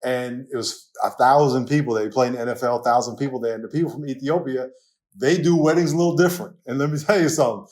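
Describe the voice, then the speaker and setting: Guest pastor, New York accent, man, animated storyteller with ready laughter. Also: mid-range voice, quick pace. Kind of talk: casual conversational interview.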